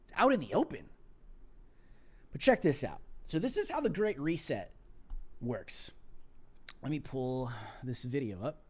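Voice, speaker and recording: A man's voice: mid-range voice, sing-song, a little slow, long pauses, slightly rough. A man hosting a live political commentary stream, ranting with mocking sarcasm and laughing at his own jokes.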